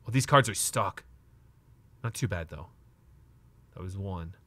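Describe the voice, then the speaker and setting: A young man live streaming as he opens trading card packs, excitable and nervous, talking to his chat and swearing now and then. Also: sits low, measured pace, long pauses, dry recording.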